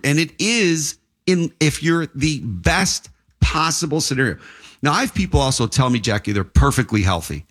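A man talking insurance in a loose interview chat, his pitch rising and falling with lively swings at a middle register. He rambles from point to point, restarting his sentences as he goes. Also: normal speed. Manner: animated, rambling storyteller with frequent restarts. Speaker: insurance agent.

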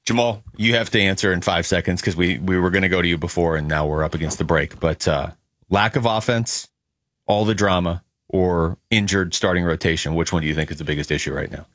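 A man co-hosting sports talk radio, steering the segment in a measured way. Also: low-pitched, fairly bright tone, dry recording, clean studio sound.

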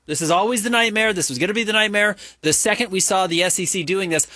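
A man co-hosting a sports talk show, opinionated and animated, rambling with fillers as he argues his point. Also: high-pitched, quick pace, no echo. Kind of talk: casual sports radio banter.

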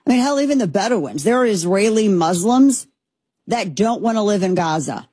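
Husky lower-voiced woman ranting on her commentary show, dry close sound, fired up, keeps restarting. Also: lively intonation, normal speed, warm tone, dry recording. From United States. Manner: emphatic, impassioned, rambling with restarts. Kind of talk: opinionated political commentary.

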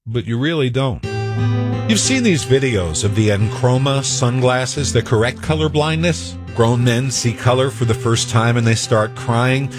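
A man's voice: mid-range voice, normal speed, over music. A man presenting a short radio news segment with wry storytelling. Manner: wry storytelling, lively delivery.

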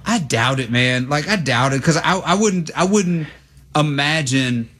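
Guy co-hosting sports radio, kinda high pitched, rambles with lots of uhs and likes. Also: a little slow, slightly rough. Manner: animated, rambling with fillers and restarts. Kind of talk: casual sports talk.

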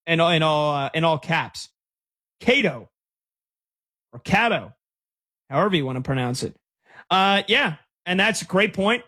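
Excitable high-voiced male sports host. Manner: excitable, rapid, breaks into shouts. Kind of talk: live game commentary and call-in talk.

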